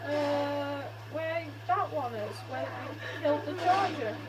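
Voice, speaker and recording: Very high, slow-talking woman gaming. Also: low-quality recording. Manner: directs her teammate, shouts excitedly. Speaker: gamer. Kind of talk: co-op gameplay banter.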